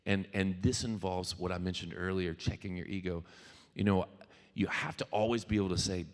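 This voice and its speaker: A man's voice: low-pitched, fairly even intonation, brisk. A man from Louisiana giving a jokey, tangent-filled talk to a live audience, swearing now and then. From Louisiana, US South. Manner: jokey, tangent-prone, addresses the crowd, swears freely. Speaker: featured speaker, singer-songwriter. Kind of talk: conversational keynote talk. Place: event venue with live audience. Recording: long hall reverb from a venue PA.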